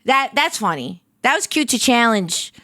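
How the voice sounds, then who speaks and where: A young woman VTuber with a squeaky, bright voice that leaps high and swoops all over. She chats bubbly and giggly with her stream, stammering and repeating words as she goes, recorded close and dry. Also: big pitch swings, moderate pace, no echo. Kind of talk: casual live stream chat.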